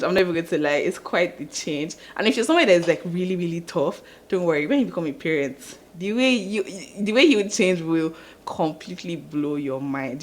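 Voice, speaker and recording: A young woman, hosting a casual talk to camera about motherhood, expressive and quick to laugh, repeating words for emphasis. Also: fairly low pitch. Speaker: podcast host and mother.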